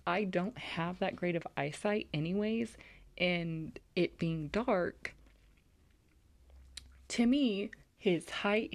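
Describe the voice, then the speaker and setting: Young woman from california, kinda low voice, rambling story with tons of likes and ums. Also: gravelly, darkish tone. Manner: rambling, heavy use of like and um. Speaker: podcast host. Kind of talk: casual storytelling.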